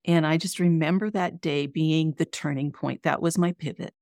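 A woman's voice: low voice, steady tone, moderate pace, darkish tone, no echo, studio quality. A middle-aged woman sharing an earnest, emotional personal faith testimony as an interview guest. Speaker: guest, author and coach.

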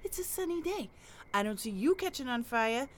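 A woman's voice: sits high, expressive, normal speed, crowd noise. An actress playing a brash, confrontational middle-aged neighborhood woman in a comedy sketch. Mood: combative. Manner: brassy, confrontational, working-class bluster.

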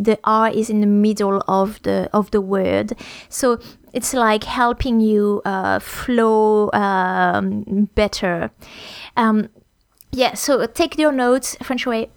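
A woman's voice: medium pitch, no echo. A woman teaching French pronunciation on a podcast, hesitant with many fillers and restarts.

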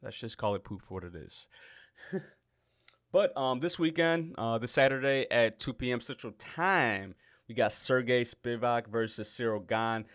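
A man's voice: mid-range voice, a little slow, a bit bright, no room sound, clean studio sound. A man hosting a casual fight preview, talking in a loose, joking way and often correcting himself as he rambles. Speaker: MMA podcast host.

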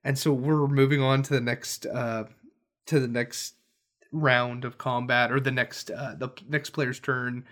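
A man's voice: medium pitch, level tone, measured pace, a bit bright. Rambling man telling a game story. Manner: rambling, many fillers and restarts. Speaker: podcast co-host and dungeon master. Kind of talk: casual storytelling.

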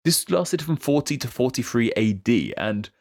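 A man co-hosting a history podcast, explaining things quickly and rambling a little. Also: mid-range voice, lively intonation, no room sound, studio quality. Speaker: podcast co-host. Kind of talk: casual history podcast chat.

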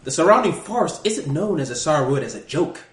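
A man's voice: a little high, sing-song, a little fast, fairly bright tone. A man putting on a British accent to voice a haughty scholar reading a fantasy guidebook aloud. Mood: grandiose. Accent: put-on British. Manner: mock-grand, theatrical. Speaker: dungeon master. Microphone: single USB mic in the middle of the table. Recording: echoey room, one table mic.

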